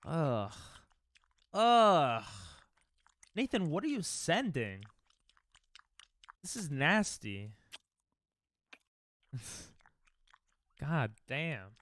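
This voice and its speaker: Young male streamer, unhurried, slightly high voice, laid-back reactions. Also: sing-song, a bit bright. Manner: laid-back, laughing asides. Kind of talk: casual reaction commentary.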